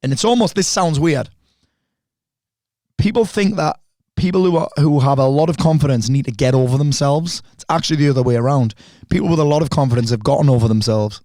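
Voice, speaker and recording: A man, a podcast guest talking bluntly and fast, with lots of swearing. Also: a little high, warm tone, dry recording. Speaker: podcast guest, speaker and coach. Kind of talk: candid conversation.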